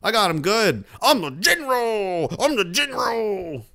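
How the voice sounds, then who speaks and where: A smug, giggling army general, as a man mocks him, taunting his troops in a raised, sing-song voice. The tone is bright and sneering, with slow gloating drawls. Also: high voice, very animated, vocal fry, pitched above the performer's own voice, full character voice.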